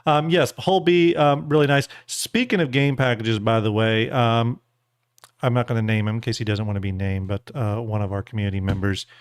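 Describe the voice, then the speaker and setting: A man's voice: mid-range voice, little pitch movement, brisk, smooth, no echo, clean studio sound. A man hosting a charity livestream in casual chat, often repeating words as he thanks donors and reads out odds. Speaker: livestream host.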